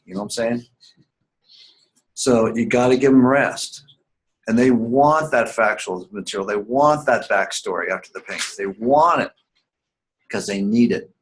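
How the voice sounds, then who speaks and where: A man's voice: mid-range voice, normal speed, poor audio. A man teaching a writing seminar class live, emphatic and repetitive, often asking the students whether they follow. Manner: emphatic, repeats key points, asks the class questions.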